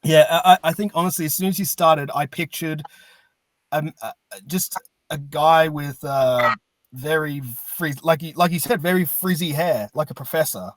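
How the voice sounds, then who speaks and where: A man's voice: on the high side, moderate pace, low-quality recording. A man hosting a podcast, asking long eager questions with laughter. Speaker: podcast host. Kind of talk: casual interview chat.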